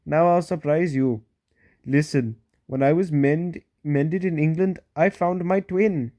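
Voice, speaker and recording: A man's voice: fairly high pitch, slow, warm tone. A man doing a polite very old engine. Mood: glad. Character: kind wise very old male engine.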